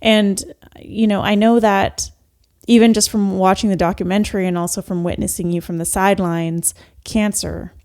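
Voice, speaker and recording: A woman's voice: mid-range voice, fairly even intonation, moderate pace, darkish tone. A woman hosting a podcast, reflecting in a thoughtful, coaching way on emotional growth. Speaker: podcast host. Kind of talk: reflective interview talk.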